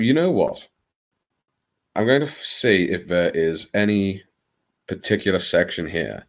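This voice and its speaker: A man hosting a late-night live stream, chatting in a theatrical, rambling, self-mocking way. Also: lowish voice.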